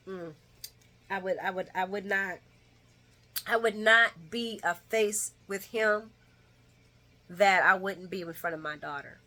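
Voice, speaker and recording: Woman doing a casual soap recap, chatty and opinionated, goes loud then drops low, mid-pitch voice. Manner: opinionated and chatty, swinging between loud bursts and low asides. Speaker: soap opera recap vlogger.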